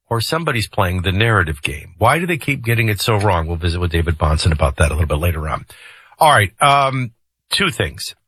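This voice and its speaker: A middle-aged man hosts a radio morning show in a folksy, joking way. His voice is bright and forceful with a touch of husk, and his pitch swings up and down a lot. The sound is dry and close on a studio microphone. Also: breathy edge, dry recording. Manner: folksy, joking, lively delivery. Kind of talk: casual radio talk.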